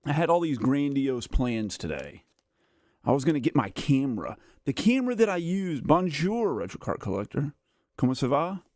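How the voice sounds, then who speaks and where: A man hosts a casual gameplay livestream, rambling and poking fun at himself, sounding tired and worn out. His medium-pitched voice is very animated and a little mellow, moving at a normal speed. The recording is dry and studio quality.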